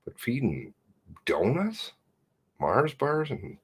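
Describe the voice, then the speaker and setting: Deep, slow, swooping male streamer. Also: lively intonation. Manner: meandering, reads viewer comments and emails aloud; blunt, swears casually. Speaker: livestream host. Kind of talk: rambling live chat.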